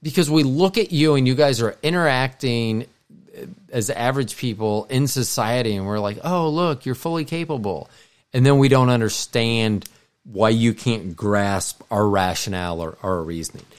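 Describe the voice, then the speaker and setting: A middle-aged man co-hosting a podcast, talking in a casual, meandering way with frequent restarts and self-corrections. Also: lowish voice. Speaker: podcast co-host. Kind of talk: casual rambling monologue.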